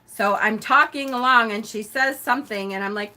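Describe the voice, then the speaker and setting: Bright, loud-talking woman host. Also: a little high, normal speed. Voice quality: loud talker. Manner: gushing, laughs often. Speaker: live-stream host. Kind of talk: casual live-stream chat.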